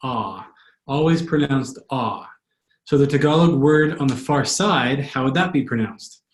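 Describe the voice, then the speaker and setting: A male language tutor giving a pronunciation lesson, patiently repeating words slowly. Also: medium pitch. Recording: echoey room.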